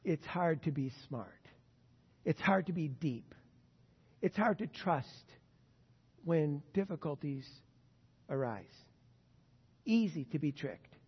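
Earnest preaching man, slightly high voice. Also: expressive, slow, pauses often, husky, long reverb tail, dull audio. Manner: earnest, emphatic preaching with wide swings in loudness. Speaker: pastor. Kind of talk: sermon.

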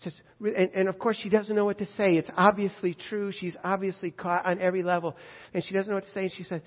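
A man preaching a sermon, earnest and emphatic, slowing down on key phrases. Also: sits high, level tone. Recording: dull sound with long hall reverb.

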